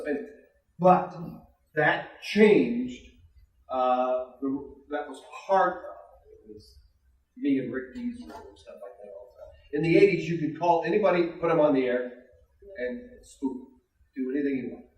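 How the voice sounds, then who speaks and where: A man spins a radio yarn for a class, bouncing between narration and the voices of everyone in the story. His voice sits a bit high for a man. The recording is echoey and distant, caught from across the room. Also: measured pace. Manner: animated storyteller who acts out every character's lines. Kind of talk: casual anecdote.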